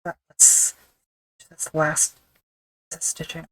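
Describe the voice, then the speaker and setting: A woman's voice: slow, very noisy. A woman leatherworker talking her way through stitching a sheath in a casual, wry running commentary, often muttering to herself as she works. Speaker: leatherworker streaming her craft.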